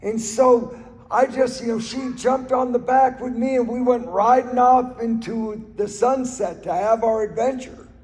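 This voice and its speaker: In a reverberant hall, a man with a very high, darkish voice tells his recovery story without hurrying and with fairly even intonation. The talk is earnest and personal, marked by storytelling and repeated phrases for emphasis.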